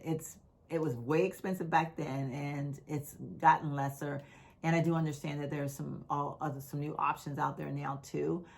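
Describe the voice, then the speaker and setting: Deep gravelly woman with a slight lisp. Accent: Texan. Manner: candid, personal, unhurried. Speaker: vlogger. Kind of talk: casual talk to camera.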